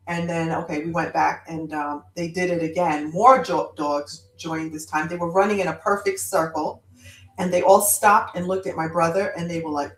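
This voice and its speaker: A woman guest on a chat show, telling a story with lively, animated delivery. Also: fairly low pitch, brisk, roomy sound, poor audio. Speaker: guest author. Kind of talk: casual podcast chat.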